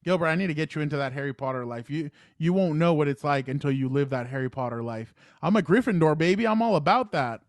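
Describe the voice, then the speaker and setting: A man co-hosting a casual sports podcast, telling stories in an animated way and laughing easily, recorded on a close podcast mic. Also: a little high, no room sound. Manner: animated storyteller, quick to laugh. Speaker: podcast co-host.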